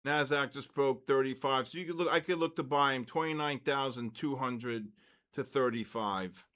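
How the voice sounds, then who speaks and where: An older man hosting a live trading session, telling personal stories and calling market moves with loud excitement. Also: medium pitch, moderate pace, clear, resonant tone. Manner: storytelling, then loud excited market calls. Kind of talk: live trading stream chat and storytelling.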